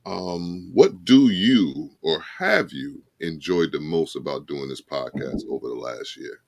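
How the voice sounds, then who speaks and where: Very deep-voiced man, halting and reflective. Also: lively intonation, dry recording. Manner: reflective, halting with many restarts and fillers. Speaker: podcast co-host. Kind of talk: casual podcast chat.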